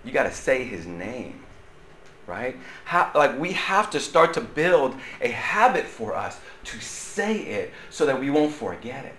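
A man's voice: medium pitch, sing-song, unhurried, a bit bright, a little hiss or hum. A man, a pastor teaching Sunday school in a playful, joking way, laughing often and sweating from the effort. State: sweating and loud from exertion. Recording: echoey room, faint ambience.

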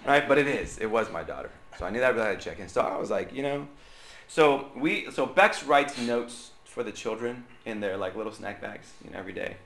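Bright-voiced man preaching in an echoey church. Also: mid-range voice, expressive, a little fast, creaky, slight background noise. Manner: chatty, checks in with the crowd with tag questions. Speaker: pastor. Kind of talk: conversational sermon storytelling.

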